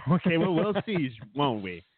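A man's voice: a little high, big pitch swings, measured pace, no echo. A man co-hosting a casual political chat show, sarcastic and mocking, who laughs often. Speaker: podcast co-host. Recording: dry, tinny phone-like sound.

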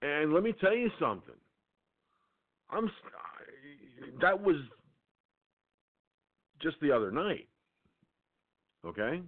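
Man, ranting host, lively swinging pitch, profane, tinny phone-line sound. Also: takes it slowly, pauses often. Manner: profane, angry storytelling. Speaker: internet radio show host. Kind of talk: ranting monologue.

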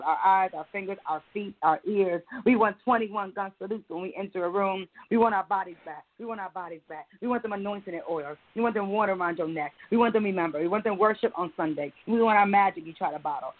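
A middle-aged woman poet performing spoken word in a rhythmic, chant-like cadence, then chatting as a guest. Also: fairly low pitch. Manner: rhythmic, repetitive chant-like delivery. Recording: tinny phone-like line.

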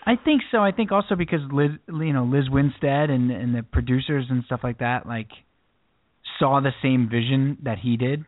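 A podcast co-host with a medium-pitched voice tells a story at a moderate pace, rambling casually and restarting often. The recording is dry and lo-fi, like a phone, with no room sound.

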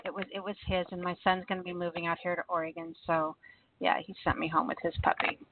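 A woman's voice: fairly low pitch, little pitch movement, fast talker, a little hiss or hum. A woman calling in to a radio show, chatting casually and laughing often. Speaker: caller. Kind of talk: casual phone chat. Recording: tinny phone line.

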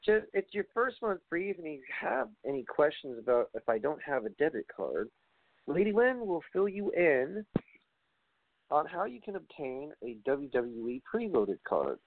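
Slightly high-voiced and a little slow, with big pitch swings, a wrestling podcast host rambles in a casual way, works through long lists, and curses occasionally. His audio is dry and echo-free, like a tinny phone line.

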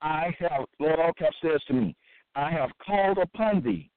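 A man reading scripture aloud in a halting, repetitive monologue, with frequent fillers and restarts. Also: fairly high pitch, smooth, no room sound. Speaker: self-styled preacher. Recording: dry, tinny phone-like sound.

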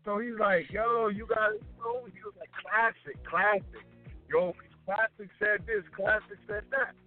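A man telling a casual story in chat, animated and acting out the voices of the people he quotes. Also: high voice, a little slow. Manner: animated, acts out quoted lines. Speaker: guest DJ. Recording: tinny phone-line sound with faint music.

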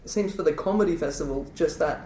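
Chatty Australian host, higher voice. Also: male voice, fast, a little mellow, far from the mic, a little hiss or hum. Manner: chatty, trailing off, many fillers. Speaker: podcast host. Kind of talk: casual podcast conversation. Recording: echoey room.

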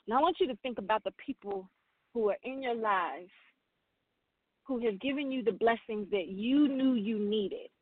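With a fairly high-pitched voice at normal speed, a spiritual reader and host leads an earnest talk, repeatedly restarting and repeating phrases. The recording has no room sound and is dry and tinny, as if over a phone.

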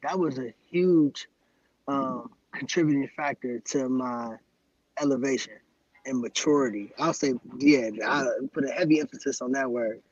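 A guest activist from Cleveland, USA, is interviewed about his activism on a casual podcast, speaking earnestly and gratefully with frequent affirmations. His husky, mid-range voice moves at a moderate pace. The recording is muffled but free of echo.

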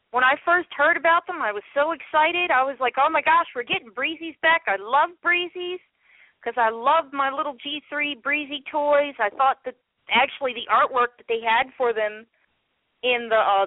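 A woman with a fairly high voice chats eagerly and easily. The sound comes through thin and phone-like. It is dry, with no room tone. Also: dry recording. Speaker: podcast co-host. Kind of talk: casual chat. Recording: tinny phone-line call, dry.

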